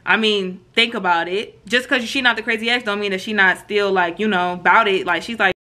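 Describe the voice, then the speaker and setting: A woman vlogger telling a story casually and straight to her viewers, animated and full of slang, acting out the quotes. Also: mid-range voice, moderate pace.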